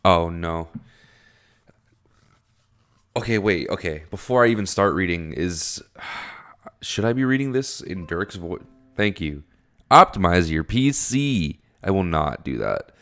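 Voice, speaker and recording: A man's voice: animated, unhurried, pauses often, a bit bright. A man casually reading a webcomic aloud and commenting on it. He swears freely, rambles, and sounds tired in the early morning. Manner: profane, rambling, jumps high when surprised. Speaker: webcomic reader.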